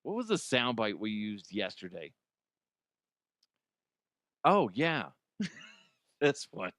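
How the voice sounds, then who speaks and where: A man's voice: lowish voice, sing-song, takes it slowly, a bit bright, dry recording. A middle-aged man hosting a radio show, telling stories in a profane, self-deprecating, rambling way. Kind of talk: casual comedic talk radio monologue.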